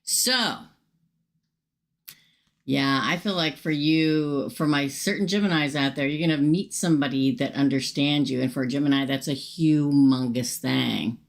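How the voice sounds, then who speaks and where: A woman's voice: low-pitched, a little slow. A middle-aged woman casually reading tarot cards on a livestream, chatty and upfront, talking straight to her viewers. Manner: chatty, upfront, talks straight to viewers and reads chat aloud. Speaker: tarot reader hosting a livestream.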